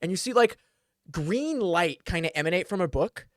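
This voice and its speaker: A man's voice: high voice, animated, normal speed, no echo. A man narrating a tabletop game as dungeon master, rambling and full of fillers.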